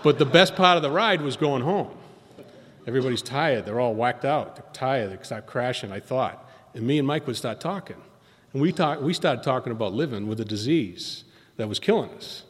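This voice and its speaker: A middle-aged man with a husky, breathy voice shares his story before a meeting, rambling from one memory to the next and slipping into other people's voices. His words ring out with a long reverb in a large hall. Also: mid-range voice, animated, moderate pace. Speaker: speaker at a recovery meeting. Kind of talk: personal testimony at a meeting.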